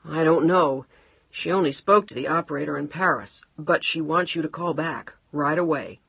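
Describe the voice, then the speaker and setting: A woman voicing a hesitant, worried housekeeper who speaks haltingly. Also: low voice, gravelly, fairly bright tone, breathy edge, dry recording, exaggerated voice. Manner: halting, unsure.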